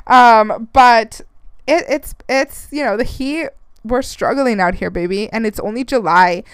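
Young female podcast host, rambling and swearing, drops in Spanish phrases, smooth voice, dry close sound. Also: a little high, a little slow, no room sound. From Arizona, United States. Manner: chatty and rambling, swears, mixes in Spanish phrases, laughs often. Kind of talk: casual solo podcast rant.

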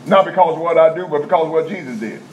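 A man's voice: on the high side, quick pace. A male preacher, preaching a folksy, repetitive sermon in a prison chapel that builds to emphatic bursts. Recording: dull lo-fi recording, faint room ambience.

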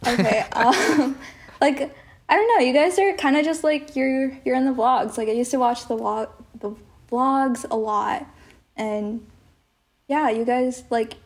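A woman's voice: high-pitched, measured pace, slight background noise. A young woman on a podcast team, talking hesitantly with many fillers. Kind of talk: casual podcast chat.

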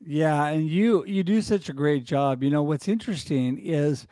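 High-voiced enthusiastic man. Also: normal speed, mellow, no room sound, studio quality. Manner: enthusiastic, motivational, repetitive. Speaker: livestream show host. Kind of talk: upbeat promotional livestream talk.

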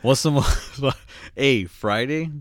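A man's voice: mid-range voice, takes it slowly, no room sound, clean studio sound. A young man co-hosting a casual podcast chat, joking loosely and swearing freely. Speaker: podcast co-host.

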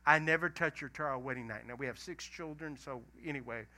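A middle-aged pastor, preaching a lively, emphatic sermon full of stories. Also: male voice, mid-range voice, brisk. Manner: animated, emphatic storytelling preaching.

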